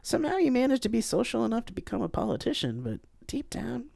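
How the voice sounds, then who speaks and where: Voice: medium pitch, huge pitch swings, fast, gravelly, mellow, dry recording, clean studio sound, voice pushed up, full character voice. The reader voicing a tipsy, blunt young woman who teases her old friend in a live-read audiobook. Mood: teasing.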